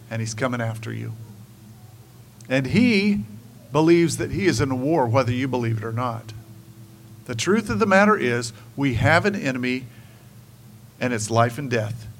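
A man preaching a sermon in an emphatic way, swinging between hushed and raised delivery. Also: mid-range voice, animated, moderate pace, long pauses, slight background noise, rough recording.

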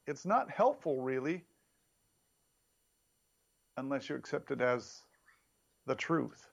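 A man preaching a sermon in an emphatic, animated way, his voice jumping up for emphasis. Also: slow pace, gravelly, pauses often. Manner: emphatic, animated preaching with sudden rises in pitch.

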